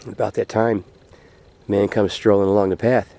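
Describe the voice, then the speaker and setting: A man telling a folk tale in an unhurried, folksy way, repeating phrases as he goes. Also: lowish voice, little pitch movement, gravelly, dark tone. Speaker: vlogger telling a story. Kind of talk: folksy spoken storytelling. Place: outdoors by a frozen lake.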